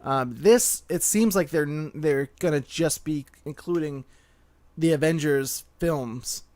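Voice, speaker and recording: A man's voice: a little high, slow, darkish tone, no room sound. A man co-hosting a casual podcast, running through news in a loose, joking way. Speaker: co-host.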